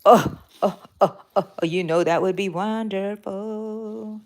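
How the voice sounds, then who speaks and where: A woman hosts a relaxed crochet live stream, talking to her viewers as she works. Her talk is chatty and rambling, full of fillers and quick self-corrections. Her pitch sits in an ordinary middle range. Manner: talks while crocheting. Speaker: crochet livestream host. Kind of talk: casual live-stream chat reading out viewer comments.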